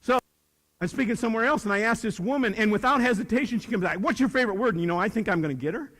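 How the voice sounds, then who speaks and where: An older man giving a live motivational talk to young people, animated and swinging between loud bursts and hushed asides. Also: sits high, racing. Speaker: motivational speaker. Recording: reverberant hall.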